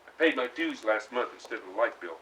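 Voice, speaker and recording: A man's voice: medium pitch, fast talker, pushed and bright, recorded from a distance, a little hiss or hum, lightly acted, poor audio. An actor playing a restless young man who longs to leave home, talking intensely in bursts of feeling. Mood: brooding. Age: young adult. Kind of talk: stage play scene.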